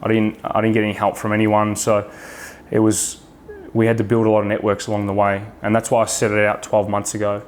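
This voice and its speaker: A man's voice: on the low side, monotone, a little fast, slight background noise. A man with an Australian accent, a podcast guest talking frankly in casual chat, swearing freely and restarting his sentences often.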